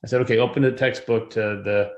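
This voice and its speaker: A man's voice: lowish voice, fast talker, lo-fi sound. A man who teaches giving a conversational conference presentation about how his classes use their textbook. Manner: conversational, animated when retelling anecdotes. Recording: roomy echo.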